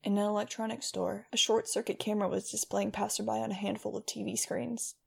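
Casting: woman audiobook narrator, wry first-person storyteller, gravelly edge, mid pitch. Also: level tone. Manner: wry, brisk storytelling with voiced dialogue.

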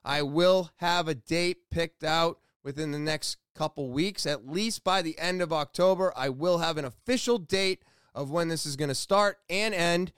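A man in his thirties talking to camera in a rambling, animated way, swearing freely as he tells a story. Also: fairly high pitch, moderate pace, clear, resonant tone, dry recording, clean studio sound. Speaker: vlogger. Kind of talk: casual storytelling monologue.

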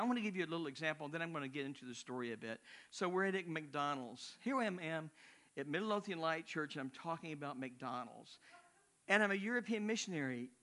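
Older male missionary preacher, slightly raised pitch, conversational storytelling sermon. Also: fairly bright tone. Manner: conversational, rambling with asides.

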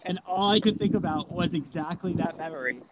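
A man's voice: a little high, a little fast, over a noisy crowd. A man chatting as a podcast guest over a phone call, hesitant and laughing often. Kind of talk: casual phone chat.

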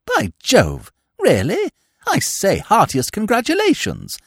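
A man's voice: sits high, huge pitch swings, slightly rough, dry recording, studio quality, pitched above the performer's own voice, heavily acted. A man doing a breezy young toff. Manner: brisk, bright, upper-class chatter. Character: cheerful young gentleman, breezy and chatty.

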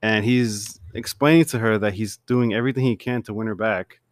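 A man recapping a TV show from home in a casual, animated way, laughing often and acting out lines. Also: lowish voice, a little fast, no echo, clean studio sound. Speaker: TV show reviewer.

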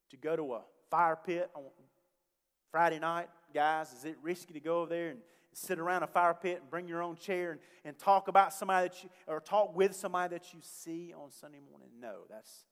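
Dynamic preaching man with a higher voice. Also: normal speed. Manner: dynamic, swings from loud emphasis to quiet asides. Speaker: pastor. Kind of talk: sermon. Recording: long hall reverb.

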